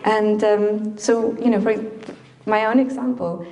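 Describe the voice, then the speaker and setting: A woman's voice: mid-range voice, fairly even intonation, unhurried, gravelly, dark tone, a little hiss or hum. A woman from Chile giving an informal talk to a group in a library meeting room, chatty, with frequent laughs and fillers. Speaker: speaker addressing a group. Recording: echoey room.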